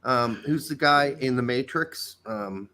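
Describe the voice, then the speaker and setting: A man's voice: mid-range voice, a little slow, sharp tone. A man co-hosting a casual soccer podcast, blunt and sardonic, swearing freely. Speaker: podcast co-host. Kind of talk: casual chat.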